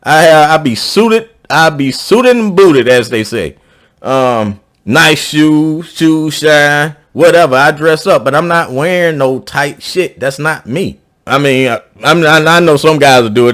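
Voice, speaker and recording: A man's voice: a little slow, fairly bright tone. Southern man ranting casually to camera. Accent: Southern US, South Georgia. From South Georgia, US. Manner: rambling, repeats and restarts, pitch rising when emphatic. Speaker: YouTube commentator. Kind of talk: casual opinion monologue.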